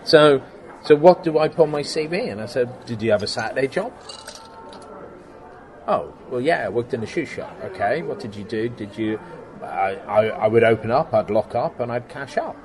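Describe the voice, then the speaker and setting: A middle-aged man in a casual interview, telling stories about his workshop in an animated way and acting out the exchanges he quotes, laughing often. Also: medium pitch, moderate pace. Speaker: guest, special effects workshop owner.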